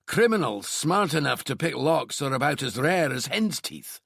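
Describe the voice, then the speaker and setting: A man's voice: medium pitch, sing-song, moderate pace, vocal fry, a bit bright, slightly rough, no room sound, studio quality, pitched above the performer's own voice, heavily acted. A man voicing a complaining, disbelieving male detective sergeant. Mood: sceptical.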